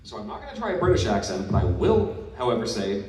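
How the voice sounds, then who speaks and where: Brief: man, panelist, animated and blunt, far off in an echoey hall with noise. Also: mid-range voice, fast. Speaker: voice actor panelist. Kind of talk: convention panel Q&A. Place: large convention hall.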